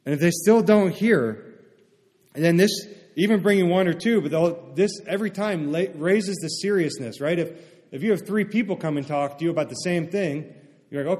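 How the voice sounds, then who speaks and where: A man's voice: on the high side, moderate pace, a little mellow. A man preaching a sermon in a conversational way, often checking in with his listeners by asking "right?". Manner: conversational, asks the congregation "right?". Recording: long reverb of a hall.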